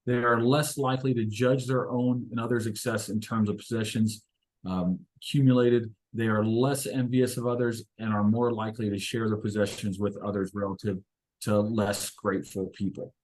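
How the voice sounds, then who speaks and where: A man with a fairly low pitch, steady and darkish tone speaks at a moderate pace. He leads an inspirational discussion, telling stories thoughtfully and hesitantly, with many filler words.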